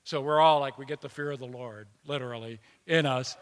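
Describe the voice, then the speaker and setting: A man's voice: medium pitch, a little fast, clean tone. Man telling a story in an echoing hall. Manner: conversational, with restarts and acted quotes. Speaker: speaker at a peace conference. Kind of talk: personal storytelling speech. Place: conference hall. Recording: long reverb of a hall.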